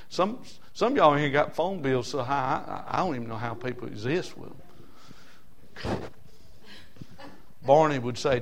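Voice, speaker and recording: A man's voice: medium pitch, measured pace, pauses often. A male pastor, preaching a folksy, humorous, emphatic sermon to a congregation in church.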